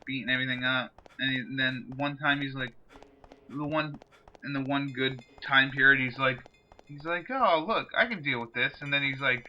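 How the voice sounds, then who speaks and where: A man's voice: medium pitch, lo-fi sound. A man hosting a gameplay video in casual commentary, rambling and drifting off topic. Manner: rambling, digressive, chatty. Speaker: let's play host.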